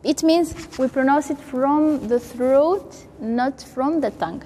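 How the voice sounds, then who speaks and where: 女老师，声音偏高，语速缓慢，带大厅混响。. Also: female voice, sits high, a little slow, few pauses, warm tone, long reverb tail, slight background noise. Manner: patient, demonstrates sounds by repeating them. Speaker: Quran recitation teacher. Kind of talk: tajweed pronunciation lesson.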